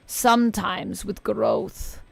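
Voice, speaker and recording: A woman voicing a crackly old Eastern European witch, reading tarot slowly and solemnly. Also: mid-range voice, very animated, exaggerated voice. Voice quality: crackly, gravelly. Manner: slow, solemn fortune-telling.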